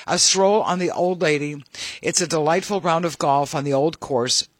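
A man's voice: fairly high pitch, moderate pace, no room sound. Upbeat chatty male radio host. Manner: chatty, upbeat, reads station IDs. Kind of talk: casual radio interview.

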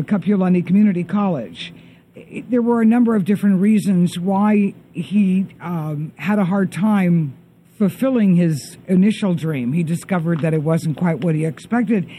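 Man, middle-aged, show host, high-pitched, dark mellow tone, casual chat. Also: slight background noise. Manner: chatty, reads lists of names haltingly.

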